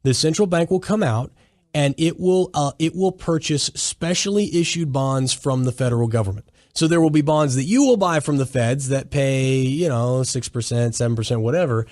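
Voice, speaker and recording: A man's voice: medium pitch, moderate pace, darkish tone, no echo, studio quality. A man hosting a solo commentary podcast, talking emphatically in a lecturing way and often restarting his sentences. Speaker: podcast host.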